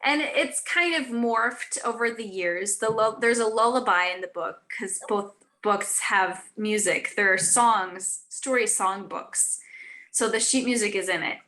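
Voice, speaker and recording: In an unhurried, medium-pitched voice that comes across pushed and bright, a woman in her thirties or forties chats earnestly as an author guest on a live stream. Fillers and restarts pepper her casual talk.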